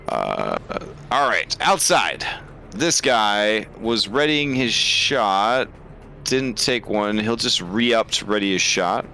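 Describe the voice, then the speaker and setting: A man's voice: fairly low pitch, sharp tone. A man running a tabletop game as game master, thinking aloud with lots of fillers.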